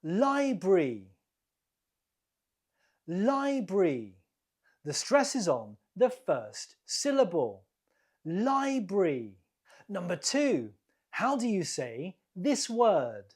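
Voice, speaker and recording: A British woman hosting an English quiz, slowly and deliberately repeating each word for learners. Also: on the low side, huge pitch swings, darkish tone, husky. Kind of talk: slow, clear quiz teaching.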